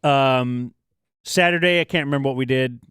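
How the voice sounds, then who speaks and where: A male talk show co-host rambles through a casual story. He trips over restarts and fillers in a smooth, resonant voice. The studio sound is dry and close. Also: mid-range voice, normal speed, a bit bright, dry recording. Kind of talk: casual chat.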